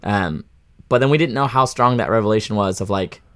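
A man's voice: fairly low pitch, brisk, fairly bright tone, dry recording, studio quality. A man on a podcast as a guest magician, talking casually and agreeably with short interjections. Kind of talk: casual chat.

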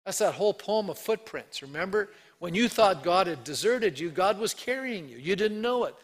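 A male pastor preaching a sermon in a conversational way, acting out the voices he quotes with lively shifts. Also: high voice, moderate pace.

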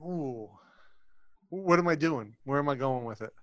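A man's voice: mid-range voice, expressive, unhurried, a bit bright, no echo. A man co-hosting a podcast in casual chat, easygoing and a bit hesitant, often laughing along. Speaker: podcast co-host.

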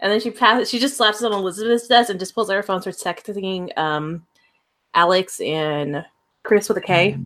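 A woman narrating a tabletop role-playing game as game master, lively and full of fillers and laughs. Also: medium pitch, normal speed.

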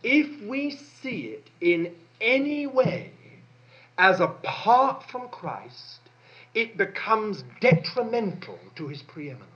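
A man's voice: sits high, very animated, takes it slowly, fairly bright tone. A man preaching a sermon with emphatic delivery, repeating phrases for stress. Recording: dull lo-fi sermon recording.

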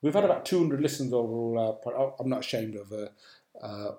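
A man's voice: medium pitch, animated, fast talker, dark tone. Casual male podcast host, roomy sound. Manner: hesitant, many fillers and restarts. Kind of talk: casual chat. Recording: roomy echo.

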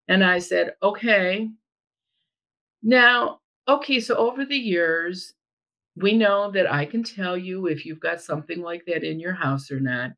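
Speaking unhurriedly in a mid-range voice, this middle-aged storyteller guest recounts something that happened to her. She's animated in the casual chat and performs what others said. The audio quality is rough.

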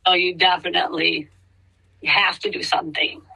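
In a relaxed interview, a middle-aged hairstylist guest talks haltingly, starting over often and acting out reactions with energy. She has a fairly low, creaky voice, heard through bad audio.

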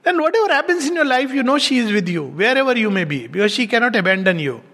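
A man's voice: very high voice, big pitch swings, fast, sharp tone. A man gives a reflective spiritual discourse as a teacher, telling stories and laughing often. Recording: long hall reverb.

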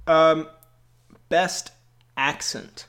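A man's voice: a little high, steady tone, drawn-out words, fairly bright tone. Laughing young man in loose chat. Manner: laughs often, rambling, filler-heavy. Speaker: podcast co-host. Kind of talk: casual chat.

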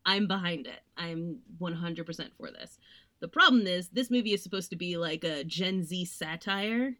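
A woman's voice: fairly low pitch, moderate pace, pushed and bright. Chatty young woman reviewing films. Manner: chatty, frequent "like" fillers, sarcastic mock voices. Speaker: podcast co-host. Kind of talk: casual film review chat.

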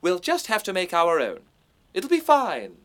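A pompous posh director. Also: male voice, high voice, huge pitch swings, measured pace, a bit bright, full character voice. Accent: posh English. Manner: pompous, lecturing, self-important. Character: pompous, bossy middle-aged male director. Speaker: amateur theatre director.

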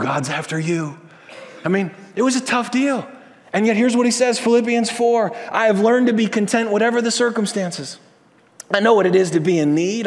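A man in his thirties preaching a sermon, telling stories with animation and swinging from loud to hushed. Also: sits high. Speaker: pastor. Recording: long hall reverb.

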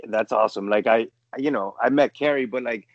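A man's voice: medium pitch, brisk, no room sound, dull audio. A man hosting a casual chat, easygoing and rambling with many fillers.

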